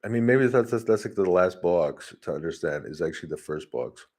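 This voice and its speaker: A man's voice: low-pitched, lively intonation, a little fast, a little mellow. A man talking in a rambling, casual monologue, often laughing and restarting his sentences. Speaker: vlogger. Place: home, talking to his dog.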